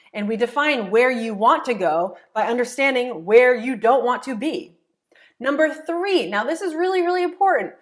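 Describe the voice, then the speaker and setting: Woman, slightly high voice, self-help coach walking viewers through steps, repeats phrases for emphasis. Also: fairly bright tone. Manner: repeats key phrases, asks rhetorical checks. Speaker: law of attraction coach. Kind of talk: explanatory teaching monologue.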